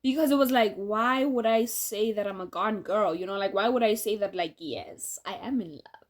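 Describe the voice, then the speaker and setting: A woman's voice: medium pitch, normal speed, few pauses. A woman, talking casually and frankly to her viewers, often breaking into laughter. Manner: opinionated, chatty, laughs often, addresses viewers directly. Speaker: vlogger and podcaster. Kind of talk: casual direct-to-camera monologue.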